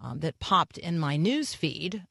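Low-voiced woman radio host, dry studio. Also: very animated, vocal fry, fairly bright tone, no room sound. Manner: earnest, reflective, with filler pauses. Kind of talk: devotional radio talk.

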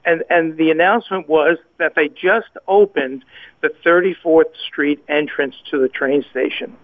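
A man's voice: fairly high pitch, normal speed. A man giving a personal faith testimony as a guest, hesitant, often repeating and restarting his words. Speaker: guest sharing a personal story. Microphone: phone call. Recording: tinny phone line.

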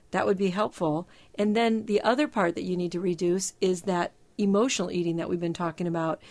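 A middle-aged woman talking as a Christian psychologist, explaining step-by-step advice in a measured, emphatic teaching manner. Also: on the low side. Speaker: Christian psychologist and show host. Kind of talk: faith-based advice talk.

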